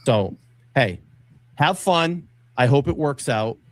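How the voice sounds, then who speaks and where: A man in a played stream clip, talking slowly and deliberately in a lecturing tone. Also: medium pitch, lively intonation, dry recording. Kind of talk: slow stream monologue.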